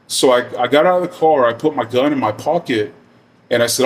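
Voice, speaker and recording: A man's voice: mid-range voice, fairly quick, far from the mic, slight background noise. Laid-back rambling middle-aged man. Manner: rambling, profane, laid-back, many fillers. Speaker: storyteller. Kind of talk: casual storytelling.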